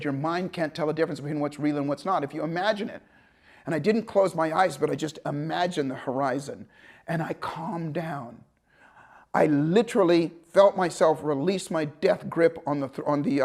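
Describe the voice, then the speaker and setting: A man teaching a motivational seminar, telling a story with lively acted-out dialogue and swings between loud bursts and hushed, calm passages. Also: fairly high pitch. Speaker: motivational coach.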